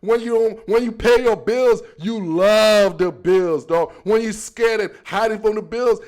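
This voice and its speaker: A young man with an African accent hosting a football podcast, riffing in slangy, animated casual talk and stretching words out for emphasis. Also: high voice, slow pace, few pauses. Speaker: podcast host.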